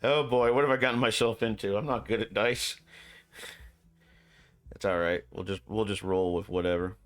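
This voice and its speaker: A man's voice: lowish voice, fairly even intonation, normal speed. A man streaming a video game, chatting casually, joking and reading lines aloud. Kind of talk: casual playthrough commentary.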